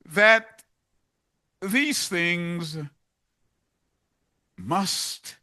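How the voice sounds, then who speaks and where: A man's voice: sits high, very animated, slow, pauses often, bright, forceful tone. A man preaching a sermon, emphatic and driving points home by repeating them.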